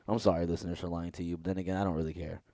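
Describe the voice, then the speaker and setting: A man's voice: sits low, little pitch movement, very fast, warm tone, no echo. A young man co-hosting a podcast, rambling casually with swearing and frequent self-interruptions. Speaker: podcast co-host. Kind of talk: casual chat.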